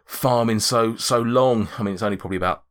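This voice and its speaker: Male game master, lowish pitch, rambling, jokey narration. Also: fast talker, fairly bright tone.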